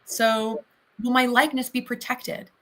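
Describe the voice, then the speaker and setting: An actor from southern Ohio, guesting on a livestream interview, speaks in a somewhat high, flat voice. She's chatty, firing off quick bursts of talk loaded with fillers.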